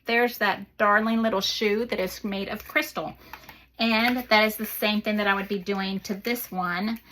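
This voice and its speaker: A woman's voice: mid-range voice, a bit bright, a little hiss or hum. A woman hosting a paper craft video, chatting casually as she works and gushing over the little details.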